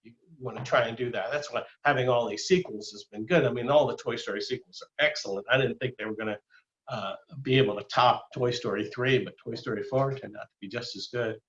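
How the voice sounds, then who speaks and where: A man's voice: mid-range voice, brisk, fairly bright tone, lo-fi sound. An older man giving a casual illustrated talk as a guest speaker, rambling with many fillers and restarts. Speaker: guest speaker, former animator.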